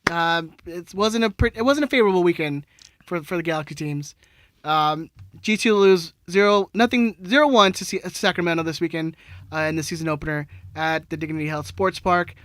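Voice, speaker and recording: A man's voice: on the high side, brisk, fairly bright tone, no echo. A man co-hosting a podcast, joking around and recapping a soccer match from a lineup. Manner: joking, laughs easily, reads off a lineup. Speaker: podcast co-host. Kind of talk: casual chat and soccer recap.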